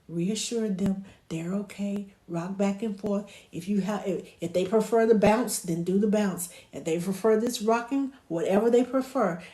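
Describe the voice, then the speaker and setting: Speaking casually in an echoey room, a childcare provider with a medium-pitched voice shares advice on calming babies. Her voice turns hushed and soothing whenever she quotes what she says to them.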